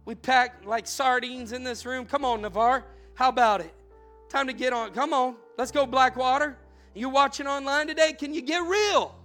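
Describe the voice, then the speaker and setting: A male pastor preaching a sermon that moves from casual storytelling to loud, fervent prayer in a packed church. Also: extremely high pitch, steady tone, normal speed, faint music behind. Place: church room packed with people.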